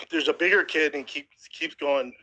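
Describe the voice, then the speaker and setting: A man's voice: on the high side, unhurried, poor audio. A man in his thirties telling a harrowing story in casual, profane podcast chat, close to tears at times. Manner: profane, animated retelling with acted quotes. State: emotional, near tears. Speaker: podcast host.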